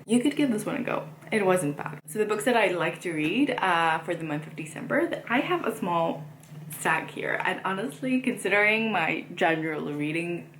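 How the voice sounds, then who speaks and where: A woman's voice: lowish voice, reverberant, slight background noise. A woman chatting casually about books she read and plans to read, rambling with frequent fillers. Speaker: book vlogger. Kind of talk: casual book chat.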